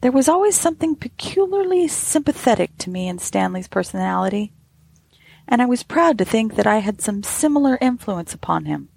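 A woman hosting a podcast, reading a ghost story aloud in a measured, softly breathy way. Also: fairly high pitch, very animated, no room sound.

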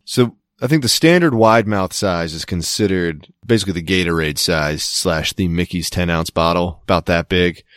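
A man's voice: sits low, moderate pace, hardly any pauses, a bit bright, no room sound, studio quality. A man co-hosting a podcast, rambling and joking in casual chat, swearing now and then. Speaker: podcast co-host.

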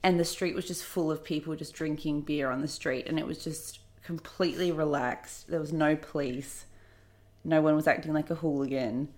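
A woman from Australia co-hosting a podcast, chatting casually and telling lively stories. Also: deep voice, moderate pace. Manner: animated storytelling, acts out quotes. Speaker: podcast co-host, journalist. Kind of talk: casual chat.

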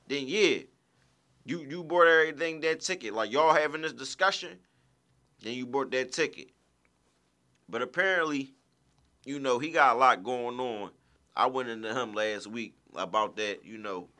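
A man's voice: medium pitch, bright, forceful tone. A man hosting a podcast, talking in loose, rambling street slang with lots of filler. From Philadelphia. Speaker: podcast host. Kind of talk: casual podcast commentary.

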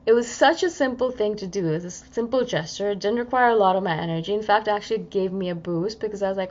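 A woman's voice: mid-range voice, fast talker, few pauses, a little mellow. A woman talking through a casual reflective podcast monologue, chatty and acting out inner voices. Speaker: self-help podcaster. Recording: slightly dull lo-fi audio.

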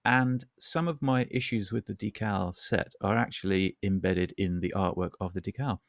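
A deep, gravelly man chatting wryly as a podcast co-host. He wanders through his stories with dry, self-deprecating asides. The sound is close and dry. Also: normal speed, no room sound. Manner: wry, rambling, self-deprecating. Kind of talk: casual chat.

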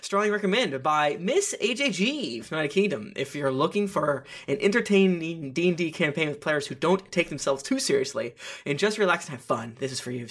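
A man with a bright, forceful voice, set a little high, hosts a casual podcast. He reads listener reviews aloud in a playful, teasing way and slips in jokey asides. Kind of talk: casual chat among tabletop game players.

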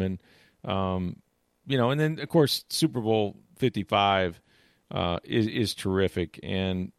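Low-voiced man rambling about sports. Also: a little slow, no echo, clean studio sound. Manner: rambling, full of restarts and "you know"; animated retelling of game moments. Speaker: sports commentator. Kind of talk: casual chat.

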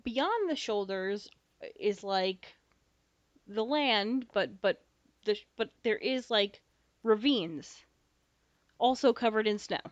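Animated young woman telling a story. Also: mid-range voice, slow pace, long pauses, no room sound. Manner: animated, swears freely, acts out dialogue. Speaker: podcast co-host. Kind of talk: casual storytelling chat. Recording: slightly dull dry podcast mic.

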